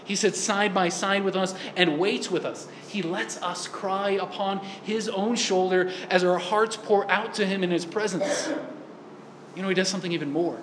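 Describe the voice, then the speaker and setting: High-voiced man preaching in an echoey church. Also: fairly even intonation, normal speed, crowd noise. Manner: earnest preaching with rhetorical questions. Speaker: priest. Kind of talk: sermon.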